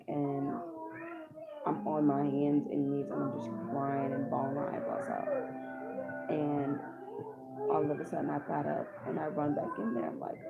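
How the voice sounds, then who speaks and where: Tearful woman, low gravelly voice, tinny audio. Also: flat delivery, measured pace. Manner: raw, tearful retelling, acting out her own words. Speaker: mother telling a personal story. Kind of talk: emotional personal storytime. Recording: tinny phone-like audio with background noise.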